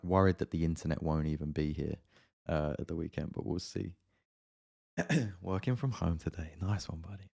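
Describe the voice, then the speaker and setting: Low-voiced guy hanging out on a livestream, super relaxed, shouting out people in the chat. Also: gravelly. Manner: relaxed, chatty, greets viewers by name. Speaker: music producer hosting a livestream. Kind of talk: casual live-stream chat.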